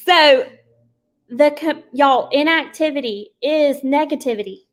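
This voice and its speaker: A woman's voice: sits high, slow, pauses often. A woman leading a sales team, giving an emphatic, preachy motivational pep talk and speaking folksily and directly to her listeners. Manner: emphatic and preachy, with frequent laughs.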